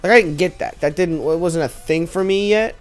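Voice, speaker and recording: A young man with a fairly high voice talks briskly over a video game stream, rambling through casual let's-play commentary full of fillers and frequent giggles. Faint game music plays behind him.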